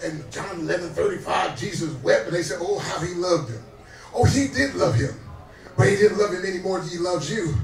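A man in his fifties preaching a sermon as pastor, swinging between soft asides and shouted exhortations that call out to the congregation. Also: sits high, a little fast, gravelly. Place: restaurant dining room. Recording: roomy echo, distant mic, faint music.

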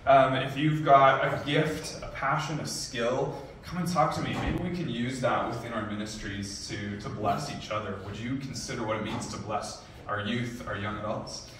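A man's voice: medium pitch, normal speed, few pauses, a bit bright, a little hiss or hum. Earnest young male pastor in echoey hall. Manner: earnest, conversational, frequent ums. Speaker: youth and young adults pastor. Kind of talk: church talk and prayer. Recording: echoey room, distant mic, faint ambience.

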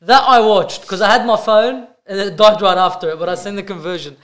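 A man hosting a podcast, chatting casually about sport, excitable and swearing freely as he re-enacts plays. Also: high-pitched, a little fast. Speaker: podcast host.

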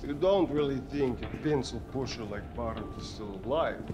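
Actor as a sneering cold mercenary in a game, low-key delivery, faint music. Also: male voice, moderate pace, lo-fi sound, close to an everyday voice. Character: cold cynical male mercenary.

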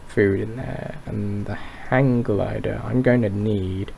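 Man, low gravelly voice, unhurried game commentary, rambling, self-mocking, faint keyboard clicks. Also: fairly even intonation, dark tone, slight background noise. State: dry throat. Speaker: gaming YouTuber. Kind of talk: Minecraft let's play commentary.

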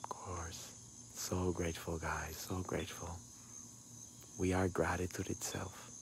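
A man giving a soft, intimate, heartfelt sign-off to his livestream, mixing in words. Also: deep voice, flat delivery, unhurried, slight background noise. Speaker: spiritual livestream host.

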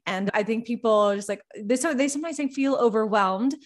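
A woman's voice: fairly high pitch, fairly quick. Upbeat woman podcast host. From North America. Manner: enthusiastic, affirming, chatty. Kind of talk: podcast interview.

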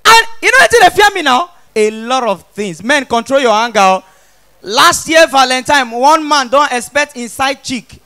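A Nigerian stand-up comedian holds a mic on stage and jokes playfully, switching into pidgin. His voice is very high and bright and swings widely in pitch. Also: big pitch swings, normal speed, clean tone. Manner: playful, loud, mixing pidgin with English. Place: comedy stage before an audience.

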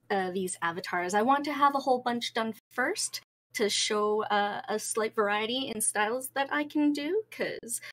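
Woman, podcast co-host, medium pitch, chatty, enthusiastic, choppy call audio. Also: a bit bright, rough recording. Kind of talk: casual podcast chat. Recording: breaking up over an online call.

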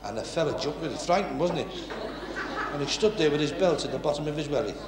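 A man's voice: on the high side, expressive, quick pace. A man with a Liverpool accent doing a brash, bantering stand-up routine in a working men's club. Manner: brash, bantering, chatty with the crowd. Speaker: stand-up comedian. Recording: echoey club hall, background noise.

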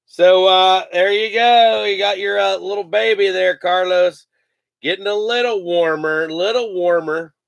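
A man's voice: high voice, steady tone, measured pace, creaky, dry recording, muffled recording. A man hosting a live sports card break, joking, laughing and rattling off player names as he opens packs. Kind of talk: casual live card-opening chat.

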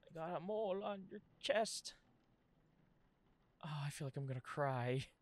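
Brief: young woman gamer, low voice, lively and jumpy, swears a lot, unhurried commentary. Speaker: gaming streamer. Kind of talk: casual horror game commentary.

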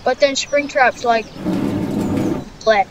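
A woman improvising a story over gameplay in a rambling, distracted way, full of fillers, with loud noise behind her. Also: fairly high pitch, slow, dull audio.

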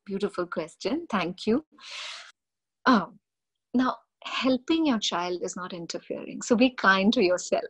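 A middle-aged woman, a mindfulness coach giving an animated, expressive webinar talk on parenting. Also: mid-range voice, unhurried, slightly rough. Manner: expressive, animated storytelling with acted-out quotes.

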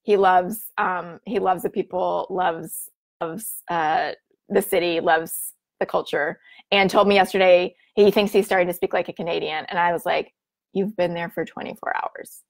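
A woman's voice: on the low side, fairly even intonation, normal speed, vocal fry. Bubbly chatty woman host. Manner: bubbly, chatty, filler-heavy. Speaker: livestream host reading viewer comments. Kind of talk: casual live-stream chat.

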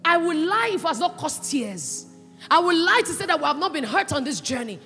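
A woman's voice: high-pitched, very animated, brisk. Impassioned woman pastor. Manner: impassioned preaching, swinging between loud cries and hushed asides. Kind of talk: sermon. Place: church hall. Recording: echoey church hall, with faint music.

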